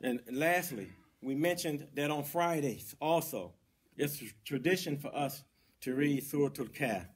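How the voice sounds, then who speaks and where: A man serving as imam, giving a Friday sermon in a mosque, emphatic and repetitive, rising for stress and then dropping low. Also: breathy edge.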